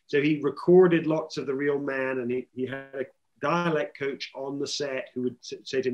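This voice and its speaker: A male film director answers a press question in a chatty, story-telling way, acting out what others said to him. His voice sits at an ordinary middle pitch. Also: a little fast. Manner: chatty, anecdotal, quotes others. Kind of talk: press interview.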